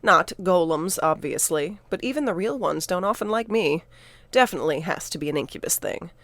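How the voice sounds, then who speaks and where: A woman voicing a playful young male incubus who talks in a soft, smirking way in an audiobook. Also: fairly low pitch, animated, fairly quick, dry recording. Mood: amused.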